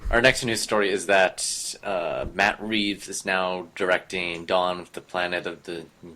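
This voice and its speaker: Low-voiced man sharing film news. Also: steady tone, unhurried, pushed and bright. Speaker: podcast co-host reading the news. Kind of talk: casual chat.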